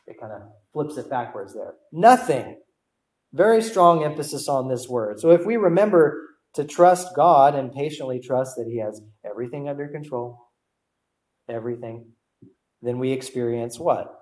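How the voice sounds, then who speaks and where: A man's voice: medium pitch, lively intonation, normal speed, darkish tone, reverberant, low-quality recording. A young adult man preaching a sermon as a guest preacher, asking the congregation rhetorical questions and repeating key words for emphasis. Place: church.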